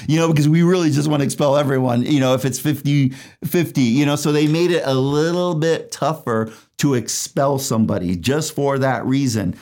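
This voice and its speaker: A man's voice: on the high side, a little fast, darkish tone. A man who hosts a casual show as an attorney, chatty and jokey, laughing at his own dad jokes. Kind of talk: casual legal commentary.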